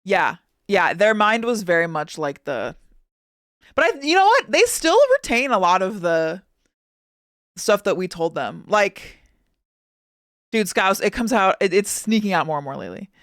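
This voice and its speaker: A woman with a Chicago accent, chatting as a streamer in an excitable, rambling way. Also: mid-range voice, unhurried, pauses often, dry recording, studio quality. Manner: excitable, rambling, often laughing. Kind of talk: casual reaction stream chat.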